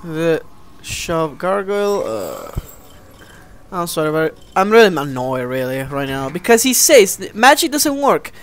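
A man giving let's play commentary, animated and easily exasperated, often addressing viewers as guys. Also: on the high side, a little slow, a little hiss or hum. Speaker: gameplay commentator.

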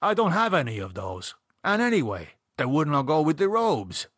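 A man's voice: a little high, huge pitch swings, moderate pace, fairly bright tone, breathy edge, no room sound, studio quality, pitched above the performer's own voice, full character voice. A man voicing a fussy, nervous doctor who speaks formally and a little stiffly. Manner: formal, fussy, slightly stilted.

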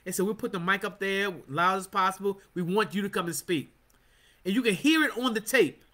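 A man's voice: high voice, a little fast, bright, forceful tone. A man teaching a Bible study as a sermon, fervent and punctuated with amens and calls to praise. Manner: fervent, call-and-response with amens.

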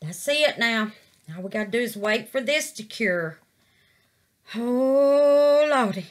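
A middle-aged woman chats through a resin craft project in a casual vlog, calling her viewers babies and exclaiming to the Lord. Her voice is a little high with lively intonation, and she speaks slowly.

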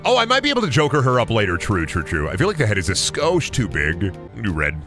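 A man streaming a video game, talking crudely and excitably and laughing often. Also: fairly low pitch, fast. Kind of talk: casual gameplay commentary. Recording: music playing behind the voice.

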